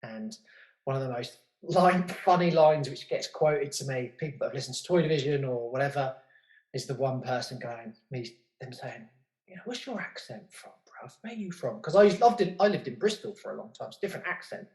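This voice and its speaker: A man from England, a podcast guest telling stories in a casual, rambling, animated way. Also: medium pitch, a little fast. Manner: rambling, animated, full of asides. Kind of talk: casual conversational storytelling. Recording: roomy echo.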